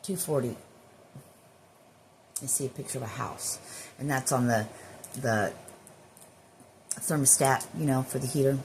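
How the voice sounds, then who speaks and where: A woman's voice: a bass voice, measured pace, pauses often, darkish tone, a little hiss or hum. A woman who works as a spiritual healer, rambling in a casual spiritual monologue with drifting, profane asides.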